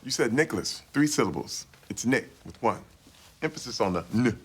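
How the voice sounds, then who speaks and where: A man's voice: mid-range voice, lively intonation, normal speed, background noise, natural voice. An actor playing a sheepish male radio host in trouble, answering in a flustered, defensive way, in a sitcom with audience laughter.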